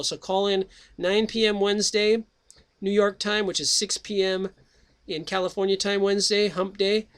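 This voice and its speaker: A man's voice: high voice, fairly bright tone. A middle-aged man hosting his own radio show, talking in a chatty, jokey way that jumps between topics before reading a book aloud. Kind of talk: rambling casual monologue and reading aloud.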